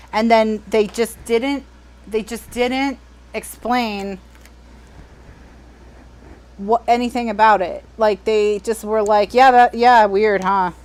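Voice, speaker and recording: An American woman hosting a live crafting stream, chatting casually and wryly, trailing off and restarting as she works. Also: on the high side. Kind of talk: casual chat while crafting.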